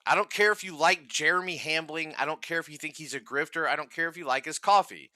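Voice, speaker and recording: A man's voice: fairly high pitch, fast, bright, forceful tone, no room sound. A man hosting reaction commentary, ranting furiously and mockingly with constant swearing. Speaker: commentary host.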